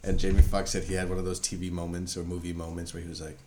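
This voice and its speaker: A man's voice: low voice, flat delivery, fast, noisy background. American man telling a story. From United States. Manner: chatty, tells anecdotes. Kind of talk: casual chat, storytelling.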